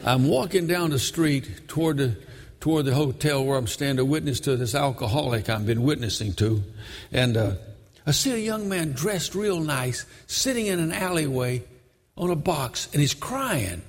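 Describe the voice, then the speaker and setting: Fervent preacher from Brooklyn in a hall. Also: male voice, on the high side, lively intonation, normal speed. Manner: shouting exhortations, then folksy storytelling with fillers. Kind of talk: sermon with personal story.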